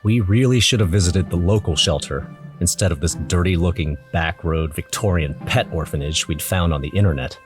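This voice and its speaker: A man's voice: low voice, fairly quick. A man narrating an audio drama in first person, nervous and wry. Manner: nervous, wry inner monologue. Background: music.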